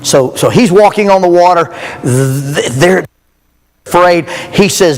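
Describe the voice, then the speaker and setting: A man's voice: sits high, measured pace. A man gives a joking, folksy storytelling sermon as a youth rally speaker in a church. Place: church hall. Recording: long hall reverb.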